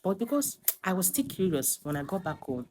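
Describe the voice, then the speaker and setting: A woman's voice: lowish voice, big pitch swings, a little fast, a little mellow, slight background noise. A young woman, telling her own story in an emphatic, dramatic way to a phone camera. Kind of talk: personal storytime confession.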